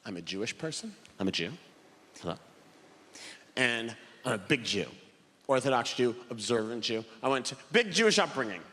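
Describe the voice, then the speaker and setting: A man's voice: mid-range voice, normal speed, long pauses. A man doing stand-up comedy, telling wry stories on stage in a live venue. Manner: animated, wry storytelling. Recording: live hall reverb, faint room noise.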